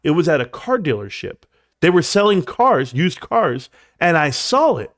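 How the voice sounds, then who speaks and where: Animated man telling a story on a stream. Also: moderate pace, no echo, clean studio sound. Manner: animated, jumps high in pitch when acting out quotes; rambling, drops to quiet asides. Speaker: livestream host. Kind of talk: casual storytelling.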